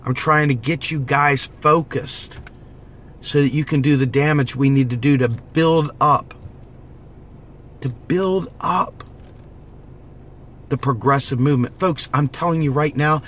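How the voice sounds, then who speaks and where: A man's voice: a little high, unhurried, long pauses, a bit bright, a little hiss or hum. A man giving an impassioned direct-to-camera monologue, preachy and urgent, repeating slogans as he rallies his viewers. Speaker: political vlogger.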